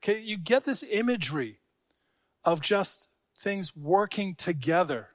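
A man's voice: high voice, lively intonation, unhurried, no echo, studio quality. A man preaching a sermon to a congregation, talking in a conversational way with joking asides. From Scarborough. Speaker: pastor.

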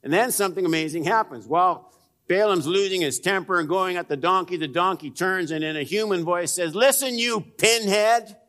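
A man preaching a sermon, swinging between raised emphasis and hushed, low asides, and putting direct questions to his listeners. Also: fairly quick. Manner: direct, probing questions to the congregation. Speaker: pastor.

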